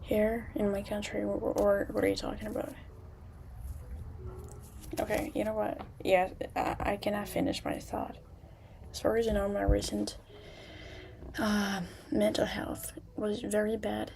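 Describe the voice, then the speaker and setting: A young woman livestreaming from a room at home, chatting casually with viewers in a halting way with many restarts, now and then dropping to a whisper. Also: medium pitch, level tone, gravelly, slight background noise. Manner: halting, restarts often, soft at times.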